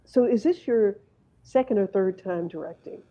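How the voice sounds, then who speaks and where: A woman hosting an interview, asking measured, probing questions. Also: mid-range voice, dark tone. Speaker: interview host. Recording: muffled, lo-fi sound.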